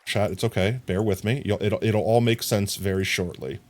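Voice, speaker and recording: Low-voiced man streaming, chatty and playful. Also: steady tone, moderate pace, noisy background. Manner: chatty, talks to chat, sings silly sound effects. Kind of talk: casual live game commentary.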